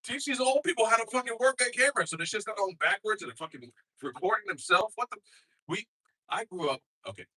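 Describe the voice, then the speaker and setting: A man's voice: high voice, animated, quick pace, breathy edge, rough recording. Profane, rambling middle-aged comedian man. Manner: profane, rambling, loud bursts when acting out others. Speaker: stand-up comedian. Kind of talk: stand-up comedy set.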